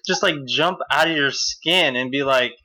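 Bright-voiced host asking questions. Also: mid-range voice, moderate pace. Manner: interjecting with questions. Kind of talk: casual chat.

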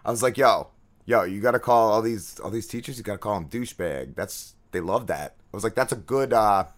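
A man talking on a podcast in loose, casual storytelling mode, mid-pitched and ordinary in tone. He curses freely and acts out what other people said with plenty of exasperation. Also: a bit bright. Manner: profane, exasperated storyteller acting out quotes. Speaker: podcast host.

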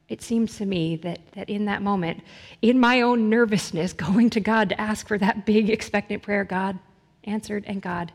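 A woman's voice: mid-range voice, vocal fry, husky. Woman preaching in a reverberant hall. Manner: earnest, builds intensity with repeated phrases. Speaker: pastor. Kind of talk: sermon.

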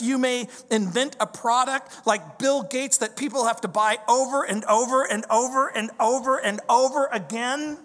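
A male pastor preaching a verse-by-verse sermon, swinging from loud declarations to hushed questions. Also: very high voice, long reverb tail.

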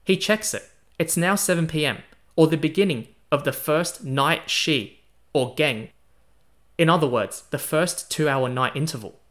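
A chatty male podcast host narrating a history story as a first-person tale. His voice sits a little high, with a bright, forceful tone. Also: a little slow. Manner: chatty, casual, uses slang.

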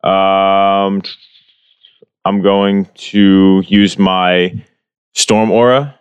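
A man's voice: low voice, little pitch movement, drawn-out words, clear, resonant tone, no room sound, lo-fi sound. A man playing a tabletop game, talking casually and a little hesitantly as he describes his moves. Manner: hesitant, many "uh" and restarts. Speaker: player.

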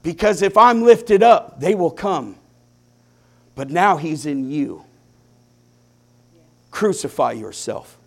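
A man preaching a sermon, with impassioned swings between hushed, quiet lines and loud climaxes, drawing his phrases out slowly. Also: high-pitched, expressive. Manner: slow, deliberate preaching with drawn-out phrases.

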